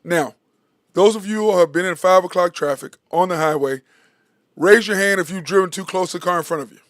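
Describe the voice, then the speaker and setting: A man's voice: sits high, a little fast, fairly bright tone, no room sound, clean studio sound. A man hosting a sports talk show, delivering a heated, blunt opinion monologue and swearing freely.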